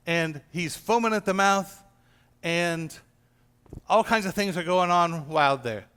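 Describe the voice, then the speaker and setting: A man's voice: high-pitched, takes it slowly, fairly bright tone, clean tone. A man leading an informal church gathering as pastor, telling a Bible story and acting out the quoted lines. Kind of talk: informal teaching to a small gathering. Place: church room. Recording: long hall reverb.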